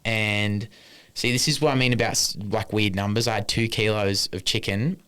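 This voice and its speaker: A man's voice: fairly low pitch, steady tone, moderate pace, fairly bright tone, smooth. A man co-hosting a podcast, chatting casually and rambling through numbers, swearing now and then. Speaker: podcast co-host. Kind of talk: casual chat.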